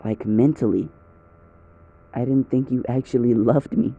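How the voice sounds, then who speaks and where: Man doing a quiet, offhand cheating girlfriend. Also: medium pitch, a little slow, vocal fry. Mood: dismissive. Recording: dull lo-fi recording.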